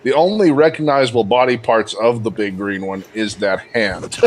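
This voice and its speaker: A man's voice: mid-range voice, unhurried, slight background noise. A man narrating as game master of a tabletop game, laughing often and teasing his players.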